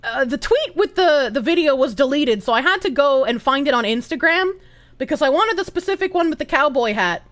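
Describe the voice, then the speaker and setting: Woman streamer, very high voice, lively swings, giggly, swears a lot. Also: a little fast. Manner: giggly, swears freely, animated reactions. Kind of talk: casual stream reaction chat. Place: room with echo dampeners.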